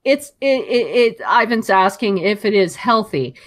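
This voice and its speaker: A woman co-hosting a casual podcast, chatty and quick with a laugh. Her pitch sits in the middle range, and she trades quick asides with her co-host. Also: animated. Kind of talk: casual chat.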